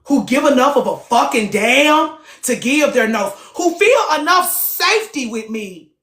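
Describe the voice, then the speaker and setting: A woman's voice: high-pitched, lively intonation, a little slow, a bit bright. A woman hosting a live group talk, blunt and profane, firing off rhetorical questions to her listeners. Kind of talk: casual heated talk to listeners. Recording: echoey room sound.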